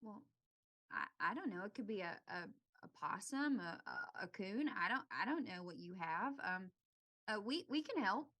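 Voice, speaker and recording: A woman's voice: mid-range voice, expressive, normal speed, bright, forceful tone. A woman voicing an eager, flustered girl who stammers as she offers help.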